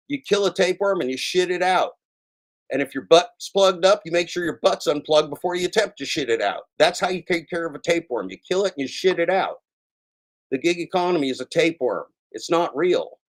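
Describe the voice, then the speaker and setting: A man's voice: on the high side, lively intonation, fairly quick, pitched above the performer's own voice, close to an everyday voice. A man doing a fired-up profane gig driver. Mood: heated. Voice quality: crude and profane. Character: fired-up fed-up male gig driver, blunt.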